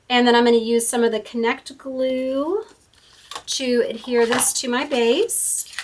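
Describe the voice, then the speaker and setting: A woman's voice: medium pitch, distant mic, a little hiss or hum. A woman hosting a casual card-making tutorial at her craft table, chatty and thinking aloud as she works. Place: home craft room.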